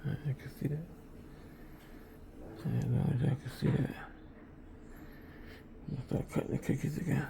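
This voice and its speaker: A man's voice: medium pitch, fairly even intonation, measured pace, gravelly, long pauses, noisy background. A man streaming from his home kitchen as he bakes, chatting casually with his viewers and rambling, repeating himself often. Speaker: streamer baking on camera.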